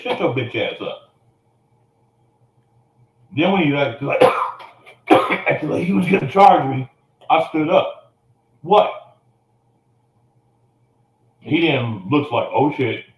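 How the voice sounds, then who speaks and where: A man's voice: medium pitch, measured pace, pauses often, fairly bright tone, reverberant, rough recording. A man telling an emotional personal story, blunt and profane, coughing now and then.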